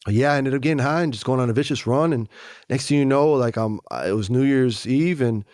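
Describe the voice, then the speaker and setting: Plain-spoken male interview guest, animated and candid, recorded dry and close. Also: medium pitch, brisk, no room sound. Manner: animated, acts out other voices, frequent "you know" and "man". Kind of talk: candid conversational storytelling.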